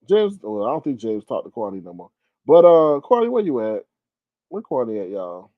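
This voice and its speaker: A man's voice: mid-range voice, very animated, moderate pace, no echo, dull audio. A man hosting a live stream, chatting casually with his viewers as he reads comments aloud, exclaiming and laughing often. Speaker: live stream host reading chat.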